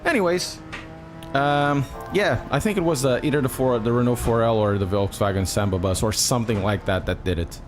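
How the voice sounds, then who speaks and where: A man's voice: medium pitch, fairly quick, music in the background. A man from Portugal with a Portuguese accent, chatting with his live-stream viewers as he plays a racing game and swearing freely. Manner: chatty, swears often, talks to chat. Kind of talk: live-stream commentary while gaming.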